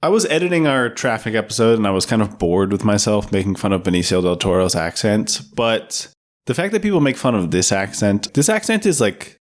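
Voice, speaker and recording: A man's voice: on the low side, expressive, fairly quick. A man co-hosting a podcast in casual chat, wry and teasing. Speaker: podcast co-host.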